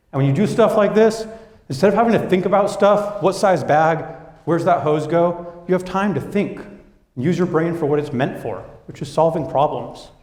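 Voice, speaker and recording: A man's voice: fairly high pitch, moderate pace. A young adult man giving a business presentation to an audience, telling stories with energy and acting out what coworkers said. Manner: lively storytelling, acting out quoted coworkers. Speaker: business speaker. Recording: echoey hall.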